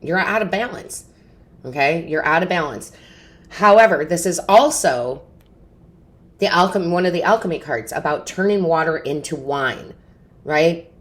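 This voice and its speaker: A woman's voice: on the low side, lively intonation, measured pace. A woman giving an intuitive tarot reading straight to camera, earnest and emotional, often checking in with "right?" and "okay?". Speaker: tarot reader and medium.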